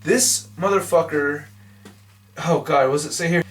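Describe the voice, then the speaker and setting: A man casually reviewing a comic book, rambling and profane, talking in an excitable, loose way. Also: fairly high pitch, moderate pace, distant mic.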